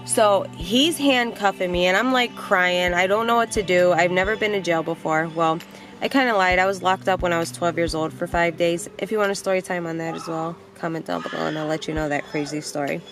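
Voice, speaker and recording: A young adult woman vlogger telling a personal story in a casual, animated way, blunt and quick to swear. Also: on the low side, soft background music.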